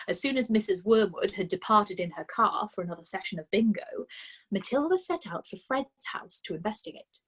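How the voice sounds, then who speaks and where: A woman reading a children's story aloud for a storytime, expressive with dramatic pauses. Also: medium pitch, husky.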